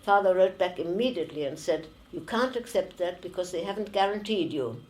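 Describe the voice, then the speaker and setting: A woman in her nineties with a German accent, giving oral history testimony slowly and haltingly, with many pauses and fillers. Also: lowish voice, lively intonation, darkish tone, low-quality recording. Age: 90s. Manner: slow and halting, with frequent fillers. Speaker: interviewee, former refugee.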